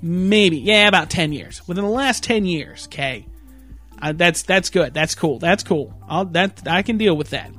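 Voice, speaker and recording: A man's voice: expressive, a little slow, pushed and bright, soft background music. A young man doing a crude, exasperated comic rant about fixing computers, swearing often and laughing mid-sentence. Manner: mocks customers in a shrill put-on voice. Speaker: computer repair guy ranting.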